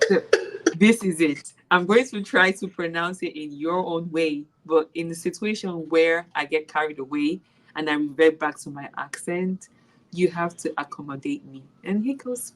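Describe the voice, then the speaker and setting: Animated Nigerian woman, lowish voice. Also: unhurried, poor audio. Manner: animated storyteller, laughs while retelling classroom moments. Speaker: special education maths teacher. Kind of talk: casual interview.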